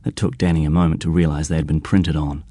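Brief: male narrator, deep mellow tone, calm read-aloud storytelling. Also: fast talker, slightly rough, no echo, clean studio sound. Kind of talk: scripted narration, radio story reading.

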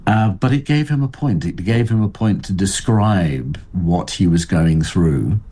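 An older man speaking as an interview guest, thoughtful and halting, with frequent restarts. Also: low-pitched, lively intonation, warm tone, slightly rough. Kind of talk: reflective interview talk.

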